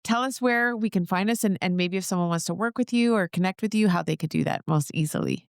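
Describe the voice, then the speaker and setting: A woman's voice: medium pitch, fast talker, clear, resonant tone, no room sound, studio quality. Effusive woman podcast host. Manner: gushing, effusive praise. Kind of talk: casual interview chat.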